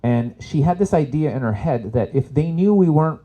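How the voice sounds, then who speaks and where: A man's voice: fairly high pitch, lively intonation, normal speed, lo-fi sound. A man in his forties from Canada doing chatty stand-up comedy as a workshop host. He swears freely and laughs at his own jokes. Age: 40s. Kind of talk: live stand-up comedy talk.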